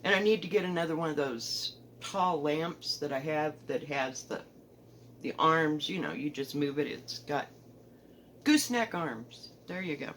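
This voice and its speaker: A woman with a Southern accent, chatting casually about her stitching at home, rambling, correcting herself and often trailing off softly. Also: low-pitched, lively intonation, measured pace, a little hiss or hum, rough recording. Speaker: cross-stitch vlogger. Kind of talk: casual show-and-tell chat. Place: home, indoors.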